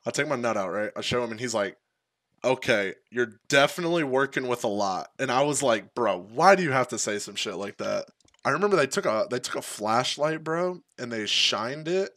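A man's voice: medium pitch, fairly bright tone, dry recording, studio quality. A young man streamer telling a crude, rambling story in a casual way, full of fillers like "like" and "bro". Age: young adult.

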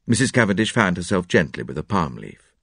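A low-voiced man narrates a classic mystery with a highly animated, dramatic delivery. His pitch swings widely from line to line. The recording is dry and close. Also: fairly quick, creaky, husky, no room sound. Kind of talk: audiobook narration.

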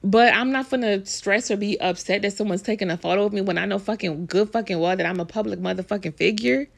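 Gravelly-voiced woman ranting about gossip. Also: mid-range voice, fast. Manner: blunt, profane, emphatic ranting. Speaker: vlogger commenting on celebrity news. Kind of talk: casual celebrity gossip commentary.

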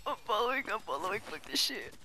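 A young woman gaming with a teammate, swearing often and swinging between tense whispers and panicked yelling. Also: mid-range voice, very animated, quick pace, background noise. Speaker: gamer. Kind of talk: live gameplay chat with a teammate.

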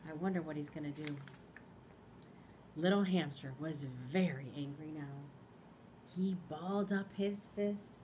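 A woman principal reading a picture book aloud to children in a school library, expressive, pausing to ask them questions. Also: low voice, slight background noise.

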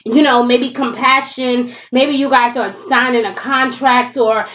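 Woman, fairly high voice, casual blunt tarot reader, stuffy nose, slightly dull recording. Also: fairly even intonation, a little slow, a bit bright, a little hiss or hum. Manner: chatty, blunt, swears freely, laughs often. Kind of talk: casual tarot reading to camera.

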